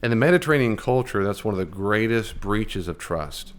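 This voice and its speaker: An American man teaches a Bible study in a loose, conversational style, his fairly low voice animated and a little fast. He keeps putting questions to the room and acts out the scripture lines he quotes.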